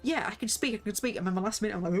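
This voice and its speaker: A young woman chatting casually on a game livestream, excitable and quick to gasp and squeal. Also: fairly high pitch. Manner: excitable, jumps into squeals and gasps. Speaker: streamer.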